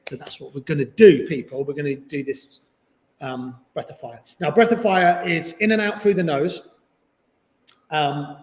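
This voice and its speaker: A man's voice: on the high side, darkish tone. A man teaching a yoga class online, chatty and encouraging, with jokes about himself. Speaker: yoga instructor. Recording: echoey room with long reverb.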